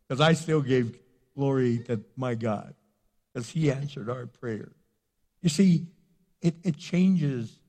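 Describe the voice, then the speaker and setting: A male pastor preaching a sermon, telling stories with big swings from loud and excited to hushed and quiet. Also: mid-range voice, in a large hall.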